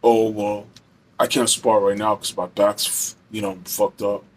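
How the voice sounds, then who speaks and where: A man imitating his aggressive, show-off male friend in a low, subdued tone. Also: little pitch movement, brisk, a little mellow, slight background noise, close to an everyday voice. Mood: sheepish.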